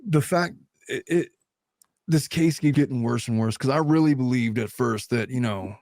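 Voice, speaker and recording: A man in his thirties hosting a casual podcast chat, blunt and animated, swearing freely. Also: medium pitch, moderate pace, no echo, clean studio sound. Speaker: lawyer and channel host.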